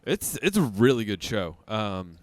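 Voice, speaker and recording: A man's voice: on the low side, big pitch swings, a little slow, no room sound. A man hosting a podcast, chatting casually and hesitantly, with frequent fillers. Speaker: podcast host. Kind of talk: casual chat.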